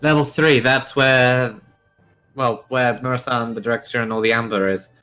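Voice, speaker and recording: A man's voice: mid-range voice, steady tone, moderate pace, bright, forceful tone, faint music behind. Wry joking man at a game table. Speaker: player. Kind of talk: casual game chat.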